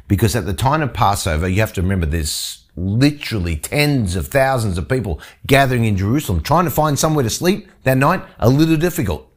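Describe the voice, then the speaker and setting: Male pastor, middle-pitched voice, expository sermon delivery, reads passages then explains them. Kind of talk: sermon teaching.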